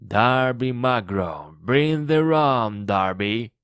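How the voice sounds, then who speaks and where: A man voicing an eerie, unseen male voice that sings and calls out slowly, in an audiobook reading for learners. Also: mid-range voice, lively intonation, a bit bright, clean tone, no echo, studio quality, voice pushed up. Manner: sung and drawn-out calling.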